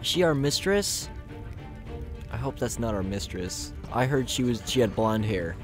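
A man with a hoarse, gravelly voice casually commentating a video game, crude and joking. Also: medium pitch, lively intonation, moderate pace, over music. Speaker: gamer. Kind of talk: casual let's play commentary.

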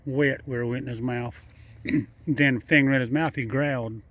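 The audio is dull, and the man's mid-range voice has fairly even intonation and a moderate pace. Outdoors at night, this vlogger feeds a wild raccoon, coaxing it and rambling to the camera with repeated phrases, chuckles, and nonstandard speech.

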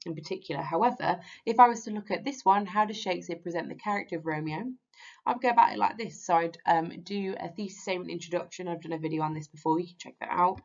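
A woman's voice: fairly low pitch, vocal fry, a little mellow. A woman teaching a literature lesson in a casual, hesitant way, with many ums and restarts. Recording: slightly dull lo-fi audio.

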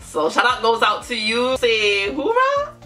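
Giggly young woman, lively bright voice. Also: unhurried, soft background music. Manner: giggly, bursts into high laughs, exclaims. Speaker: YouTube reaction host. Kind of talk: casual reaction vlog chat.

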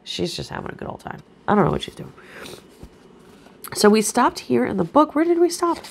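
Gravelly woman with allergy cough. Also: on the high side, very animated, moderate pace, pauses often. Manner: casual and talkative, breaking off to explain. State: coughing and throat-clearing from allergies. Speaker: spiritual coach reading a self-help book aloud. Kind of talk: reading aloud with chatty asides.

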